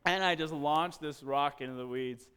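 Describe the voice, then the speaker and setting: A male pastor giving a sermon in church, telling a personal story in an animated way and acting out the scenes. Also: a little high, moderate pace, clean tone.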